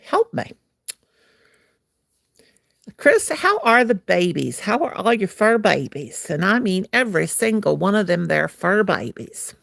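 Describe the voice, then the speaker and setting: A woman's voice: mid-range voice, very animated, moderate pace, vocal fry, hardly any pauses, a bit bright, no room sound, studio quality. A woman hosting a crochet livestream from home, chatting playfully and slipping into sing-song as she works. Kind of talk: casual livestream chat while crocheting.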